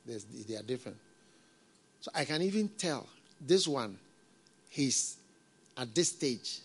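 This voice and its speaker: A middle-aged pastor delivers a sermon in a gravelly voice with a lot of vocal fry. His pitch sits in an ordinary middle range for a man. He preaches conversationally, repeats his points and leans on folksy proverbs, with soft chuckles.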